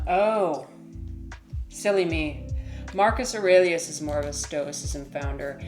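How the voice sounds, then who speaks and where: Rambling, giggly woman streamer. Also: fairly low pitch. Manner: rambling, giggly, reads chat aloud. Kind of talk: casual livestream chat.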